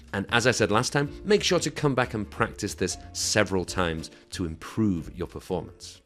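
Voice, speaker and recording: Man, English exam teacher, encouraging, instructive, expressive intonation. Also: lowish voice. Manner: encouraging, instructive, checks in with listeners. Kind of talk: teaching pronunciation with a sample answer.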